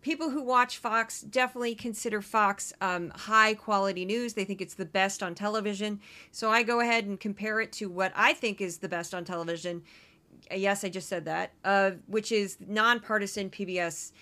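A woman's voice: mid-range voice, fairly even intonation, bright, forceful tone. A woman hosting a podcast, giving wry, chatty political commentary and a news rundown. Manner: wry, chatty, quick asides. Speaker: podcast host.

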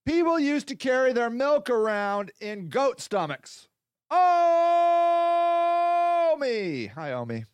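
A podcast host rattles through a foul-mouthed, rambling comic monologue, playing both sides of made-up arguments. His voice sits unusually high and is smooth and resonant. The sound is close and dry, with no room around it. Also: sing-song, slow, dry recording. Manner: profane, rambling, acts out mock dialogues. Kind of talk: solo comedic rant.

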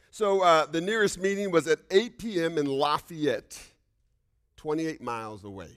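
A male pastor preaching a sermon, telling a personal story with frequent "right?" asides and swings between loud outbursts and hushed whispers. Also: a little high, unhurried, pauses often, clean tone.

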